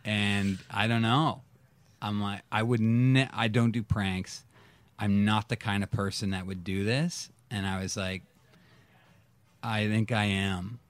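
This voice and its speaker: A podcast guest tells a personal story in casual conversation, acting out his own past reactions with sudden jumps in pitch. Otherwise his intonation stays fairly even and unhurried, and the recording is dry.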